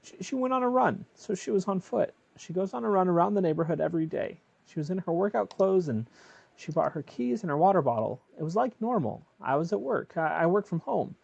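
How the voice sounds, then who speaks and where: A man's voice: high voice, expressive, a little fast, creaky, darkish tone, husky, no room sound, highs cut off, heavily acted. A man voicing a worried husband who stammers and apologizes while reporting his missing wife.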